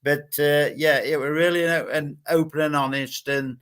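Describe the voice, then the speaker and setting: A man co-hosting a podcast, chatting in a relaxed, agreeing way. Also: a little high, normal speed, clear, resonant tone. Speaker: podcast co-host. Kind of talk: casual podcast chat.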